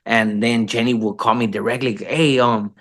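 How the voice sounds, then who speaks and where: A man's voice: steady tone, moderate pace, a bit bright. Slangy, profane man telling stories. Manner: slangy, profane, drawls "bro" and "fool"; acts out quoted voices with pitch jumps. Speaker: podcast guest. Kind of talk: casual storytelling interview.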